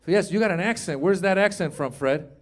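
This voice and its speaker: Loud animated stand-up comic in his fifties. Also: high voice, brisk. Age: 50s. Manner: loud, animated crowd work with shouted punchlines. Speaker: stand-up comedian. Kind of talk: stand-up comedy. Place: comedy club stage with live audience.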